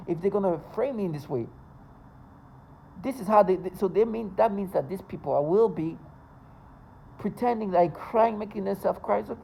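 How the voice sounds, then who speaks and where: A man with a gravelly, dark voice rambles on in a casual vlog monologue. He sounds agitated, stumbling and restarting his sentences. A faint hiss sits under his voice. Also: sits high, moderate pace, pauses often, rough recording. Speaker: vlogger.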